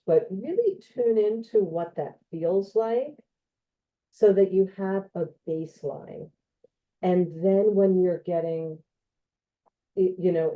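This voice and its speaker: Low-voiced woman, slow gentle talk, tinny. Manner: conversational, gentle, with frequent fillers. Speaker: occupational therapist presenting a talk. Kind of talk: informal educational talk. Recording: tinny phone-like online audio.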